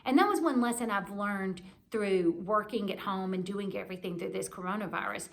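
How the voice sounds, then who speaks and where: A woman in her forties giving a candid, reflective devotional talk for a church, gently encouraging her listeners. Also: mid-range voice, brisk. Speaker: church speaker.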